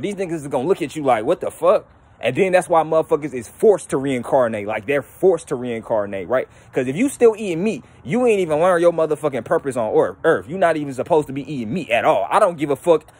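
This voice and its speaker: A young man hosting his own channel, talking casually and profanely about spiritual ideas, animated and slipping into mocking voices. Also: a little high, fast, husky. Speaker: YouTube channel host.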